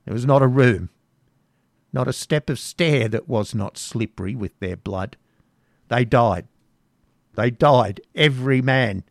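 A scornful old hag grumbles and mutters her spite in a gravelly, close voice, put on by a man reading a storybook. The sound is dry, with no room around it. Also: medium pitch, measured pace, long pauses, dry recording.

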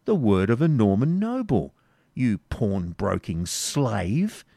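A man's voice: fairly low pitch, lively intonation, unhurried, a little mellow, no room sound, clean studio sound. A man voicing a cruel, sarcastic medieval baron who speaks sternly and with contempt, read as a storybook figure. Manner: stern, mocking, commanding.

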